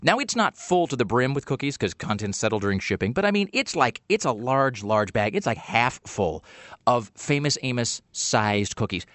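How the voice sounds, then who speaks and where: A man's voice: medium pitch, normal speed, dry recording. A man hosting a radio show, chatting casually and rambling through jokey stories. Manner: rambling, animated storytelling. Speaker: radio host.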